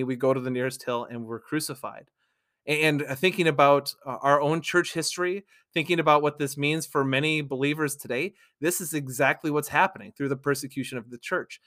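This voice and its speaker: A man's voice: a little high, a little fast, bright, forceful tone. A man reading scripture aloud and then explaining it in a conversational teaching style, often checking in with "right?". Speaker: Bible teacher.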